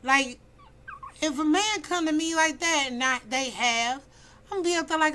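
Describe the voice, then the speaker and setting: Blunt high-voiced woman in her fifties. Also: moderate pace, pushed and bright, poor audio. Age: 50s. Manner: blunt, preachy, emphatic. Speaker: vlogger giving dating advice. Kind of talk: casual opinionated monologue.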